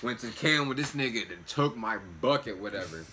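A young man hosting a reaction video, telling a long story in loose, slangy, animated casual chat. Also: medium pitch, fairly quick, noisy background.

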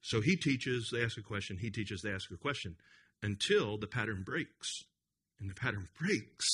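Male pastor, conference sermon, emphatic delivery, bright forward tone with a husky edge. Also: lowish voice, expressive, normal speed. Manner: earnest, emphatic, with frequent restarts and repetitions. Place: conference hall.

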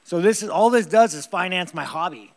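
Tired fighter guy at a post-fight presser, gravelly a bit high voice, blunt and rambly, swears a ton. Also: brisk.

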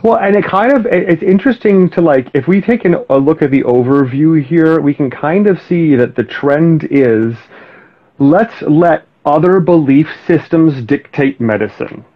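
A man's voice: a little high, lively intonation, normal speed. A man hosting a live stream chat, blunt and casual, swearing freely. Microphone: video call. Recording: dull lo-fi live stream audio.

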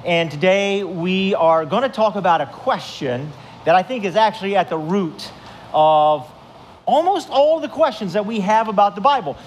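Talkative pastor with a higher voice. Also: male voice, normal speed, a little hiss or hum. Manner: chatty, storytelling, asks the congregation questions. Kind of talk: conversational sermon. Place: church service before a congregation.

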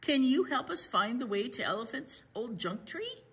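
A woman's voice: on the high side, sing-song, normal speed, a bit bright, husky, exaggerated voice. A woman reading as a cheerful storybook bear. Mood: eager. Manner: eager, calling out cheerfully. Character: friendly bear with an old truck.

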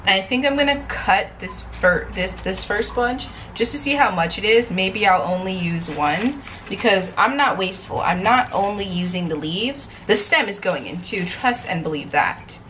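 A woman's voice: mid-range voice, lively intonation, moderate pace, few pauses, fairly bright tone, slight background noise. A young adult woman chatting casually in a cooking vlog, sassy and dramatic with asides to the camera. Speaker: vlogger.

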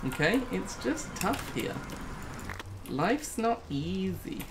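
A man talks through his gameplay in a lively, bouncing voice that jumps up into squeals when he gets startled. He is slow and unhurried between the jokes, and he talks himself through each move. Faint keyboard clicks and a little noise sit behind him. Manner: jokey, self-narrating, swings into high squeals when startled. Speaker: gaming YouTuber. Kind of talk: casual gameplay commentary.

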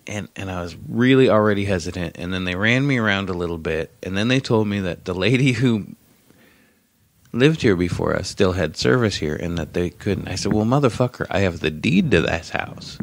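Low-voiced guy ranting and rambling, cussing a lot, dry close sound. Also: fairly quick, dry recording. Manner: profane, rambling, wry. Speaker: podcast co-host. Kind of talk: casual chat, ranting story.

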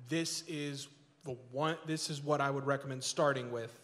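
A man's voice: medium pitch, steady tone, moderate pace, fairly bright tone. A man in the audience politely asking a question at a convention Q&A. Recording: distant with long hall reverb.

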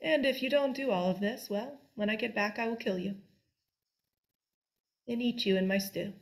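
A woman voicing a fearsome old witch in a told folk tale, speaking in a slow, half-whispered, menacing way. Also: fairly high pitch, lightly acted. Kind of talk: storytelling.

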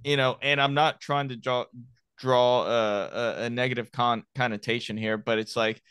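A man's voice: medium pitch, fairly even intonation, moderate pace, a bit bright, smooth, no echo, studio quality. A man in his thirties from Miami, a former Marine hosting a podcast, talking frankly and rambling with many restarts. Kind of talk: casual podcast chat.

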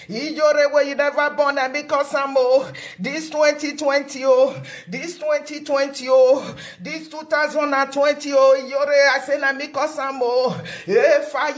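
A woman chants a repetitive mocking song in Nigerian Pidgin English, her voice high and level. She keeps it slow and drawn out, circling the same few words in a sing-song way.

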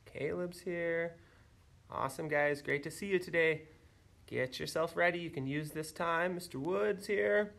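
A man teaching an online martial arts class, counting reps and giving instructions with bursts of shouted yells. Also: on the high side, measured pace, creaky, distant mic. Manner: energetic, calls counts and shouts kiai yells. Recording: echoey room, voice away from the mic.

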